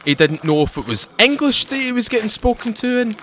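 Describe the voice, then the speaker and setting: Young male gamer, digressive and animated, noisy home mic. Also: high-pitched, brisk. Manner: chatty, digressive, self-interrupting, animated. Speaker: gaming YouTuber. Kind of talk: rambling let's-play storytelling.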